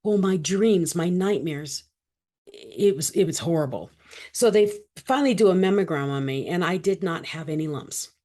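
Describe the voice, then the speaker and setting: A middle-aged woman, a guest on an interview show, tells a personal story in an animated way, acting out the lines of the people in it. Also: fairly low pitch, moderate pace. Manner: animated, acts out quoted dialogue.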